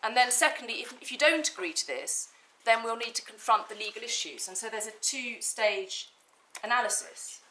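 A woman barrister addresses the bench in a courtroom, building her case point by point. Her voice is bright and crisp, and she leans on key words to stress them. Faint hiss sits under the desk microphone. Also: a little high, normal speed, hardly any pauses, low-quality recording. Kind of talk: formal legal argument in court.

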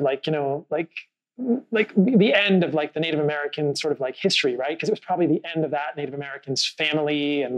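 A man's voice: a little high, fairly bright tone, poor audio. Earnest man musing on a podcast. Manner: earnest, thoughtful, storytelling with many fillers. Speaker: podcast host. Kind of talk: casual conversational podcast.

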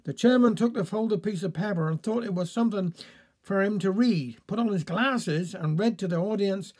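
A Cornish man reads an old village tale in broad dialect, slipping into the voices of the chapel folk. His voice sits high but sounds mellow and soft-edged. He tells it in a folksy, good-humoured way. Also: moderate pace. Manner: folksy, playful voicing of village characters. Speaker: storyteller. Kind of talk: dialect story reading.

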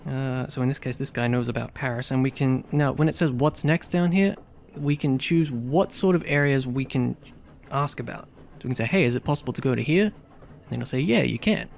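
A man's voice: medium pitch, creaky, darkish tone, a little hiss or hum. A man hosting a let's play, chatting casually and hesitantly while he plays a story game.

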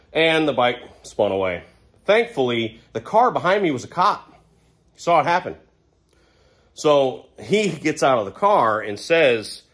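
A middle-aged motorcycle vlogger with a mid-range, fairly bright voice casually tells a rambling, self-mocking story about a motorcycle crash. He perks up whenever he quotes other people.

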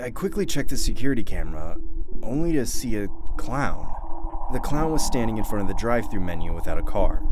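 Expressive male horror narrator. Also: on the low side, a little fast, a little hiss or hum. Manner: dramatic, tense storytelling. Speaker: narrator and voice actor. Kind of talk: animated horror story narration.

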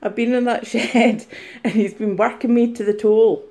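A woman putting on a flustered, excitable female reseller in a high voice for a comic vlog skit, recorded on a mobile phone. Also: normal speed, close to an everyday voice. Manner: high-pitched, flustered, shrieks.

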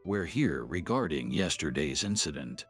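A woman's voice: a bass voice, lively intonation, normal speed, soft background music, pitched below the performer's own voice. A woman voicing a stern male police officer who speaks in a curt, formal way.

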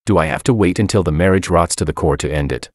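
A man reading a first-person story aloud in a steady, measured way. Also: deep voice, no echo, studio quality. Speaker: narrator.

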